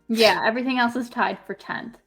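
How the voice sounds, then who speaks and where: A woman's voice: on the high side, steady tone, brisk, a bit bright, husky, faint music behind. A young woman co-hosting a casual live stream, rambling and swearing as she tallies votes. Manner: rambling, swearing, tallying aloud. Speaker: podcast co-host.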